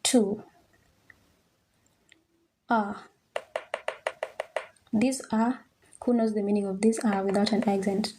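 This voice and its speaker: A woman teaching French at a board, patiently repeating words slowly for learners. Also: medium pitch, steady tone, noisy background. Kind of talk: slow classroom explanation at a board.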